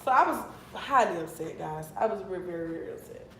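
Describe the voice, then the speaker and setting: A young woman in her twenties telling a long story to her viewers in a casual, animated and profane way. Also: fairly low pitch, fairly quick, echoey room, a little hiss or hum, rough recording. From Miami, Florida. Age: 20s. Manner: animated and profane, flaring into mock anger.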